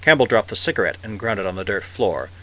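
A man narrating a science fiction story in a measured, vivid way. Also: on the low side, lively intonation, fairly bright tone, poor audio. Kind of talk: scripted audiobook narration.

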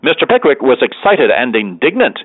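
A man narrating a classic story in an expressive reading style, doing animated character voices. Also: medium pitch, a little fast, no echo. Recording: tinny dry radio broadcast.

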